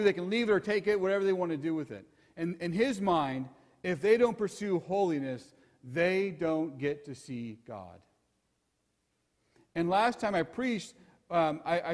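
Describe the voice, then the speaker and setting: A man's voice: high voice, darkish tone. A male pastor giving an earnest, emphatic sermon and asking rhetorical questions to the congregation. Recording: long hall reverb.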